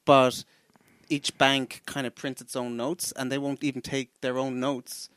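A man's voice: mid-range voice, a little slow, clean tone, no room sound. Man in dry casual chat. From Ireland. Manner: animated storytelling, repeats words when correcting.

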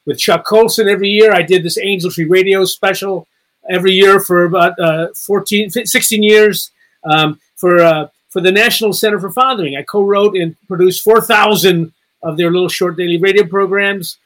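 A man in his sixties with a high, bright voice tells a playful, rambling story. He sounds like a guest on a casual podcast chat. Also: moderate pace. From Chicago, Illinois area. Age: 60s. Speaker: guest author.

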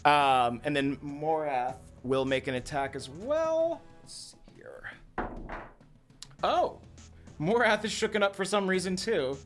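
A young man runs a tabletop game, narrating casually with plenty of ums and quick self-corrections. His pitch moves around a lot as he talks. Faint music plays under the session. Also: expressive. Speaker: game master.

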